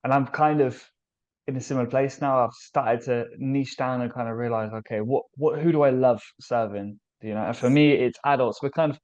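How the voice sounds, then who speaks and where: British male host, chatty and upbeat, mid-pitched, muffled lo-fi call sound. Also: fairly even intonation, brisk, darkish tone. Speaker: host, language teacher. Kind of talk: casual video interview. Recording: dull lo-fi call audio.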